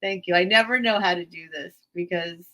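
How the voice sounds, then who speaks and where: A woman hosting a live sale stream, rambling and emotional as she thanks her viewers in halting phrases. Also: fairly low pitch, pushed and bright, muffled recording. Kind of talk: casual livestream sign-off.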